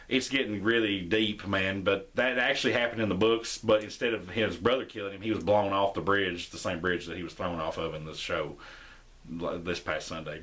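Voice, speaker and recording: A young man hosting a podcast, casually recapping an episode and acting out the characters' lines with shifting pitch. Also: fairly bright tone. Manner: rambling, acts out quotes with shifting pitch. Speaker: podcast host.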